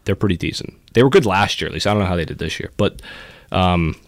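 A young man with a lowish voice hosts a college radio show in casual banter. He jokes with dry sarcasm, and his voice sounds close and dry, with no room around it. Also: animated, quick pace, no echo. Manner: sarcastic, joking. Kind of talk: casual chat.

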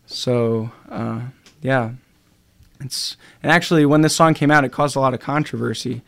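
A young man chats on air as a radio DJ, introducing songs in a loose, rambling way. He trips over his words and leans on filler sounds. His voice sits at an ordinary middle pitch. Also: normal speed, creaky. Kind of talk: casual radio chat between songs.

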